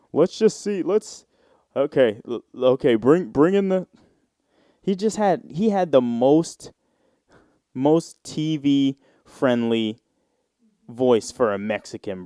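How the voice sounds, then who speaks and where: Podcast host: a laid-back New York man with a mellow tone and a dry, close mic. He talks in a loose, profane, slangy ramble. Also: mid-range voice, clear, resonant tone, no room sound. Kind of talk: casual solo podcast monologue.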